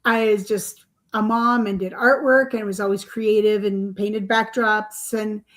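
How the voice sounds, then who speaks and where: A woman's voice: medium pitch, steady tone, measured pace. An older woman, an author and guest, telling her story in a rambling, chatty way full of fillers and small laughs. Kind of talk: podcast interview storytelling.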